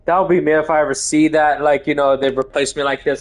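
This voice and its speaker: A man streaming a video game live, reacting excitably, swearing and shouting. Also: a little high, quick pace. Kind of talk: live gaming stream commentary.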